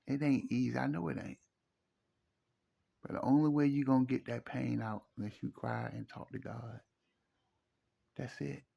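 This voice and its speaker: Gravelly man giving earnest advice. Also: mid-range voice, warm tone. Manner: preachy, emphatic, repeats phrases. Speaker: relationship commentator. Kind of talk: casual advice monologue.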